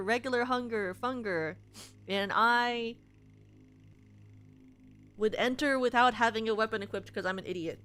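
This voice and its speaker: A woman's voice: on the high side, measured pace, long pauses, fairly bright tone. A young woman streaming a horror game, chatting to herself in a self-mocking, rambling way. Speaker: gaming streamer. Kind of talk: casual let's-play chat.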